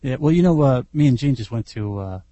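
A man chatting as a guest on a podcast, telling animated, self-deprecating anecdotes. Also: mid-range voice, fairly quick, dry recording, dull audio. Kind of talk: casual podcast chat.

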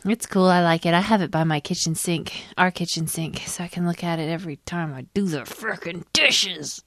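A woman's voice: fairly low pitch, normal speed, fairly bright tone, no room sound. A woman co-hosting a casual podcast, laid-back and giggly. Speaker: podcast co-host. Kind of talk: casual chat.

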